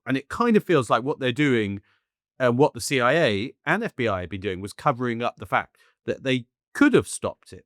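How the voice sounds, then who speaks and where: A man co-hosting a podcast who pushes back with measured questions. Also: lowish voice, fairly bright tone, no echo, studio quality. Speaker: podcast co-host. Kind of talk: casual podcast discussion.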